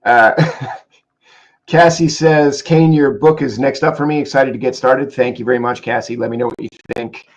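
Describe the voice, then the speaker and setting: A man co-hosting a casual livestream chat, reading out viewer comments with quick asides. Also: medium pitch, steady tone, lo-fi sound. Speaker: co-host reading viewer questions.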